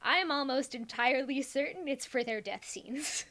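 A woman's voice: sits high, moderate pace, sharp tone. A woman hosting a podcast, chatting casually and chuckling after her remarks. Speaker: podcast host. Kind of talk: casual chat.

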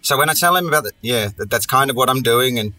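A man's voice: mid-range voice, lively intonation, fast, sharp tone, no room sound. A man hosting a podcast, telling a story in a casual monologue full of profane, sardonic, rambling asides. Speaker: podcast host.

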